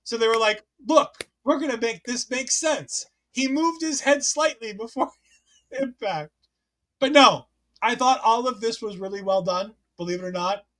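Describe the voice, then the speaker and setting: Male podcast host, high voice, loose chatty recap delivery with frequent self-corrections. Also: measured pace, fairly bright tone. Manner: chatty, self-correcting, reads listener comments aloud. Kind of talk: casual wrestling recap chat.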